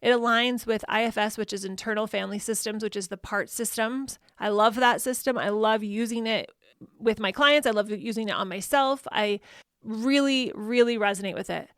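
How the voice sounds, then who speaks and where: A woman's voice: fairly high pitch, moderate pace, clear, resonant tone, no echo, clean studio sound. A woman hosting a parenting podcast, talking in an earnest, heartfelt way and now and then correcting herself. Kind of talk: reflective solo podcast monologue.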